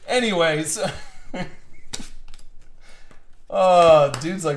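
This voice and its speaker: A young man with a somewhat high voice talks casually on a live stream. He rambles and restarts his sentences as he chats with viewers. Faint background noise sits under the recording. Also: animated, moderate pace, a bit bright. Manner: rambling, chatty storytelling with many restarts. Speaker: card break host. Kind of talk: casual live-stream chat while opening cards.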